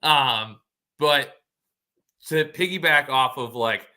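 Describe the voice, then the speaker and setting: A man's voice: medium pitch, takes it slowly, bright, forceful tone. A man co-hosting a casual farm podcast, joking and laid-back, swearing casually. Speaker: podcast co-host, butcher. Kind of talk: casual chat.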